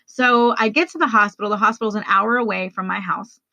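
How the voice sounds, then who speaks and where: A woman's voice: mid-range voice, steady tone, brisk, bright, forceful tone, no room sound, dull audio. A woman hosting a podcast, telling a personal story in a candid, conversational way and speaking straight to her listeners. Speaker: podcast host.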